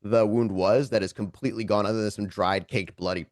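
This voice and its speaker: A man's voice: on the low side, brisk, no room sound. Man, casual game master narrator, dry close mic. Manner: relaxed, rambling narration.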